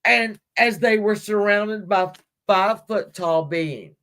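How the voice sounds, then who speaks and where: A woman's voice: medium pitch, slow, a bit bright. A woman hosting a livestream, casually retelling a story and giggling as she reads. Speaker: livestream host.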